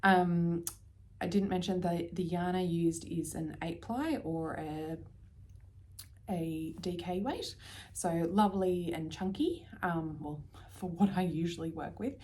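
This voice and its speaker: An Australian woman vlogging casually about her knitting, chatty and prone to dropping into soft, near-whispered asides. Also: lowish voice, takes it slowly, a little hiss or hum. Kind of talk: casual chat.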